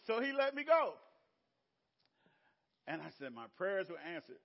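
An older man with a Southern American accent preaching a sermon, telling stories with laughter and big swings between loud and soft. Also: high-pitched, vocal fry, lo-fi sound. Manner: storytelling with laughter and sweeping shifts in loudness. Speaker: pastor.

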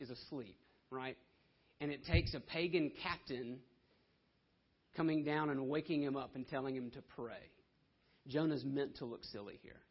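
A man's voice: medium pitch, slightly rough. Conversational preacher, man, slightly muffled. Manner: conversational, often asking "right?"; slows down to stress scripture. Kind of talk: sermon.

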